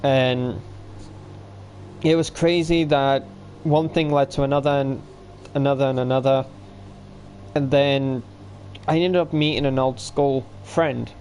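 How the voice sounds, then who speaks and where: A man's voice: medium pitch, fairly even intonation, measured pace, pauses often, a little mellow, slight background noise. A man telling a rambling story on a livestream, quoting others, yawning and hiccupping. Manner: rambling, quotes others with "I was like". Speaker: livestream host.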